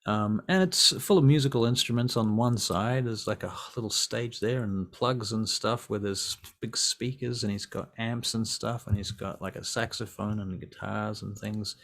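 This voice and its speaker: A man's voice: fairly low pitch, moderate pace, few pauses, fairly bright tone. A man narrating as game master of a tabletop role-play, rambling loosely with many "um"s and "like"s.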